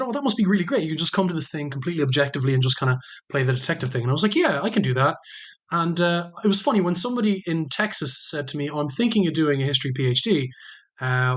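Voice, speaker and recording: A man's voice: a little high, fairly bright tone. An Irish man from Ireland, a guest historian telling chatty stories in a casual podcast conversation with self-deprecating jokes.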